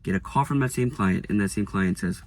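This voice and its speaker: A man's voice: lowish voice, fairly quick, darkish tone. A young man, a real estate agent, telling a candid, self-deprecating story about hard times. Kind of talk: storytelling vlog.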